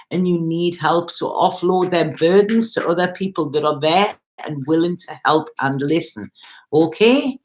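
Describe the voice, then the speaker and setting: A woman giving a tarot reading to camera, talking straight to the viewer in a chatty, reassuring way and repeating herself. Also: fairly low pitch. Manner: addresses viewer directly. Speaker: tarot reader.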